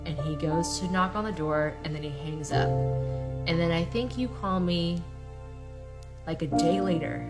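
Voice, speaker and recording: Blunt, swearing young woman host, low voice. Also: measured pace, over loud music. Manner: blunt, profanity-laced storytelling. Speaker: podcast host. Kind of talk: candid podcast conversation.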